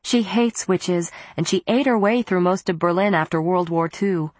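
A woman voicing a caring older woman, a witch, in a warm and comforting tone. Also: lowish voice, steady tone, normal speed, no room sound, natural voice. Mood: warm, urgent.

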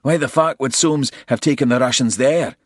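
A man voicing a gruff, cynical soldier with curt, scornful lines. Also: medium pitch, normal speed, dry recording, studio quality, pitched above the performer's own voice, natural voice.

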